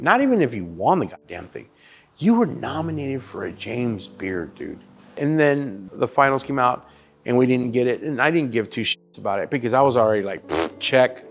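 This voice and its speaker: Swearing, animated barbecue chef man. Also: medium pitch, gravelly, muffled recording. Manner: animated, swears freely, calls the listener dude and brother. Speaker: barbecue restaurant chef-owner. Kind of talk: casual storytelling interview.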